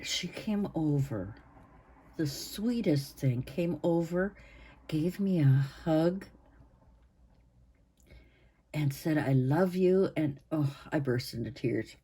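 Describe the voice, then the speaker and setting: Husky, slow-talking woman in her sixties. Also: deep voice, lively intonation, mellow. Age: 60s. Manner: rambling, with many pauses and restarts. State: hoarse, coughing. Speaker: channel host. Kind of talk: casual chat to camera.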